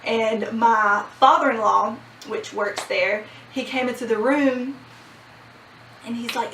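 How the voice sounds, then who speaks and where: Animated young woman telling a story, roomy. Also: fairly high pitch, measured pace, a little hiss or hum. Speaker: vlogger. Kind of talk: casual storytime. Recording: roomy sound from a distant mic.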